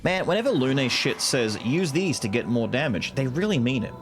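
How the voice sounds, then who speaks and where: A man's voice: mid-range voice, very animated, moderate pace, music in the background. A man in his thirties streaming a video game, chatting casually and swearing freely. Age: 30s. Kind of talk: casual gaming commentary.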